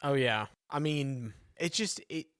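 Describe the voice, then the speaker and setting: A man co-hosting a podcast in casual chat, relaxed and teasing. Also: medium pitch, a little slow, no echo, studio quality. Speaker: podcast co-host.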